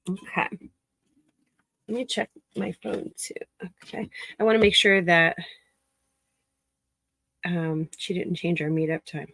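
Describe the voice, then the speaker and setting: Her voice sits on the low side and sounds gravelly and a bit bright, unhurried and broken by long pauses. She's working while chatting casually with her livestream viewers, laughing a lot and calling them by name. There's no echo, though the recording is low quality.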